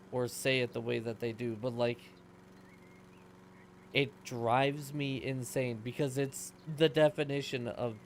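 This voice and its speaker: Guy chatting while he plays a game, rambly, answers chat, faint music in the background. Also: mid-range voice. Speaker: streamer. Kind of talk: casual gameplay commentary.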